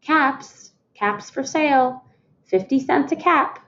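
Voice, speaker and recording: A woman voicing an angry male cap peddler who scolds and shouts his demands in a raised voice. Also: mid-range voice, steady tone, slow pace, dull audio, close to an everyday voice. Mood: calling out.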